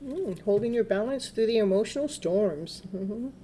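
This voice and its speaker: A woman's voice: medium pitch, animated, moderate pace, dark tone, a little hiss or hum. A woman giving a casual tarot reading, chatting, laughing often and coaxing her dog. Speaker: tarot reader.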